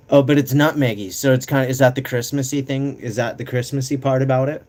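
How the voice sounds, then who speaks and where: A man's voice: medium pitch, steady tone, fast, few pauses, a little mellow. Male streamer, casual chat, swearing a lot, rambling, coughing now and then, mid-range voice. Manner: profane, rambling, reads chat aloud.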